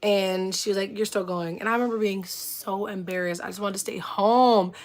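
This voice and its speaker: Speaking at a moderate pace with a medium pitch, a woman hosts a relaxed livestream. She greets chat viewers, laughs frequently, and tells expressive, meandering stories sprinkled with "like."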